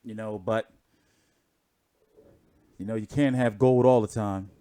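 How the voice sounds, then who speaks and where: A man's voice: on the low side, steady tone, measured pace, mellow, smooth, no room sound. A man hosting a boxing channel, talking in a rambling, laid-back way with lots of fillers. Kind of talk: casual livestream commentary.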